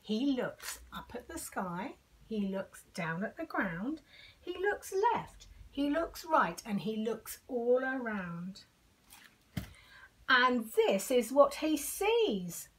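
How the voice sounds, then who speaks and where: A woman's voice: fairly high pitch, big pitch swings, slow pace. An older woman at home reading a picture book aloud to children, sing-song with dramatic whispers. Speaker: storyteller.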